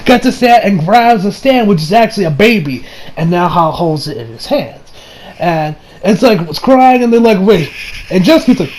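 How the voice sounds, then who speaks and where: A young man casually recapping and reviewing an anime episode, rambling and excitable, acting out quotes with sudden shouts. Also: high-pitched, moderate pace.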